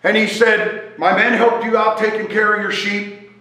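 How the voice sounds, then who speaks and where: A man telling a joking, animated story as a sermon at a church service. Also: high voice, normal speed. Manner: animated, joking storyteller who wanders while talking. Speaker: guest speaker at a church service. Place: church sanctuary. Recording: echoey church hall.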